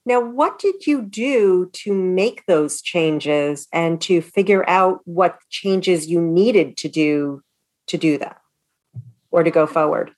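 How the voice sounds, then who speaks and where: A woman hosts a podcast and puts her questions to the guest slowly and evenly. Her voice sits fairly low, and her speech is unhurried. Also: a little mellow. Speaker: podcast host. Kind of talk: interview questions.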